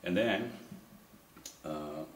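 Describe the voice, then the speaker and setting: A man doing stand-up, rambling through stories with lots of fillers and quick impressions of others. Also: low-pitched, roomy sound, distant mic, a little hiss or hum, poor audio. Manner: rambling with many fillers, mimics wife and officer. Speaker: stand-up comedian. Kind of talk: stand-up storytelling.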